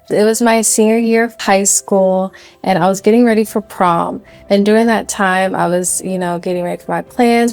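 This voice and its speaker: A young adult woman recounts a memory of her godfather in a relaxed, conversational way. She sounds earnest and uses small fillers. Her pitch sits in the middle range. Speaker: goddaughter giving a tribute. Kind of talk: casual personal story.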